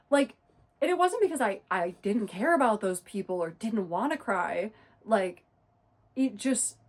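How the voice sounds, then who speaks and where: A woman's voice: mid-range voice, husky. A woman giving a casual, exasperated book review rant. She leans hard on "like" and "literally". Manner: talks fast and loose, leaning hard on "like" and "literally"; exasperated and indignant.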